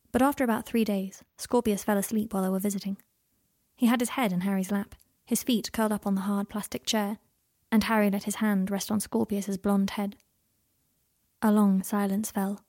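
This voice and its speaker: A woman narrating an audiobook in a gentle, even storytelling manner. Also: medium pitch, no room sound, studio quality.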